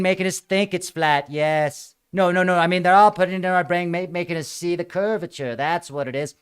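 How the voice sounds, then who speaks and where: A man hosting a show, ranting sarcastically in a mocking, animated way that swings between loud outbursts and quiet asides. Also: sits high, clear, resonant tone. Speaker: show host. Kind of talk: sarcastic comedic rant. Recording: small room with green screen.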